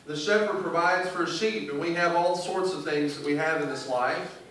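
A man's voice: fairly high pitch, normal speed, fairly bright tone. Echoey distant male preacher. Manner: emphatic, reads scripture aloud then paraphrases it conversationally. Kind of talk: sermon. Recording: very echoey room, distant mic, faint hiss.

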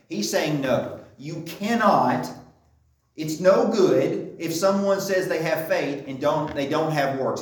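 A man preaches in a relaxed, conversational way, pausing often to check that his listeners follow. His voice sits a little high. He is picked up from across a strongly reverberant church room. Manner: conversational teaching, frequent checking "okay?". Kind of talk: sermon. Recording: very echoey room, distant mic.

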